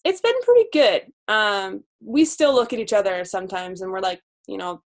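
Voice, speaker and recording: A woman's voice: mid-range voice, animated. A woman in her twenties, a new physical therapist, talking candidly in a casual podcast interview. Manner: candid, chatty, quick laughs.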